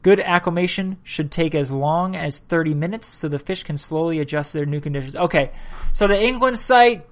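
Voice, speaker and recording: A man's voice: on the high side, steady tone. A tired man hosts a casual solo podcast, reading sources aloud between yawns. He trips over words and stops to comment on what he reads. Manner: reads aloud haltingly, stumbles and comments as he goes. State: tired, yawning. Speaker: podcast host.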